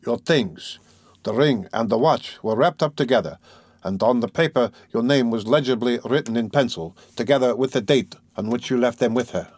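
Man doing a cool sly investigator, calm and a bit mocking. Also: medium pitch, moderate pace, no room sound, lightly acted. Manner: calm, cold, quietly ironic. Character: cool, ironic middle-aged male magistrate.

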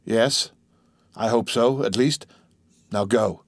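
A man's voice: lowish voice, slow, no room sound, studio quality. A man voicing a ruined middle-aged ship-owner who speaks formally and mournfully. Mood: grave.

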